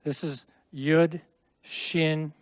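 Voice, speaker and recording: A man's voice: on the high side, little pitch movement, drawn-out words, no room sound. A middle-aged man teaching a Hebrew class in a classroom, explaining at length with friendly asides and small jokes. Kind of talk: classroom lesson.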